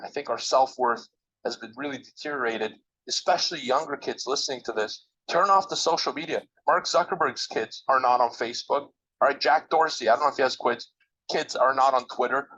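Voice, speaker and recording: A man's voice: mid-range voice, sharp tone. An emphatic man speaks as a guest in an interview, coaching the audience directly in a mid-range voice. The recording sounds a bit dull and lo-fi. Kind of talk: motivational advice in a podcast interview.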